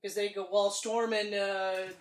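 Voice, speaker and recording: A woman co-hosting a casual film review podcast, excitable and profane, acting out scenes as she goes. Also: medium pitch, unhurried. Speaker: podcast co-host. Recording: roomy, distant mic.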